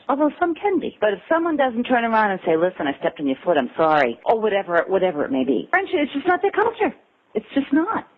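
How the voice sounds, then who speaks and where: An American woman talking as an interview guest, telling stories and acting out quotes with a laugh. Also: lowish voice. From United States. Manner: animated storyteller who acts out quotes and laughs. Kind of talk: casual interview conversation. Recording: tinny phone line.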